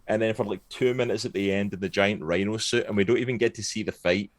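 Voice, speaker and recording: A man in casual podcast chat, ranting with animated sarcasm about films. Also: lowish voice, fast, dry recording.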